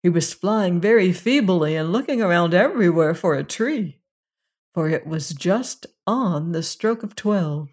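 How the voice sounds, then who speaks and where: Reading a fairy tale aloud, the narrator keeps a calm, steady, gentle delivery at a middle pitch that's neither high nor low. At dramatic points, the reading slows down.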